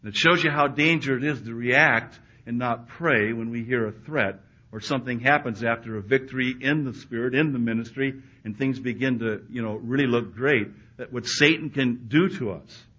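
A man preaching a sermon, swinging between loud emphatic peaks and hushed, quiet asides. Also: medium pitch, moderate pace, few pauses, breathy edge. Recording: dull lo-fi recording.

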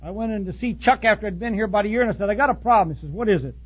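A man preaching with a high, husky voice, blunt and folksy. He jumps from loud outbursts to quiet asides. The recording sounds dull and lo-fi. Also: expressive, rapid-fire. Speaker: pastor. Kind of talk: sermon.

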